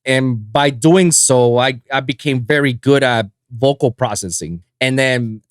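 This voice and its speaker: A man hosting a casual podcast chat, animated and swearing freely, with lots of fillers. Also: mid-range voice, unhurried, no echo, studio quality. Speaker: podcast host.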